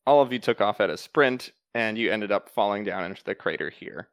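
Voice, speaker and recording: A man running a tabletop game as game master, explaining rules and narrating in a calm, matter-of-fact way. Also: lowish voice, fairly quick, clear, resonant tone, dry recording.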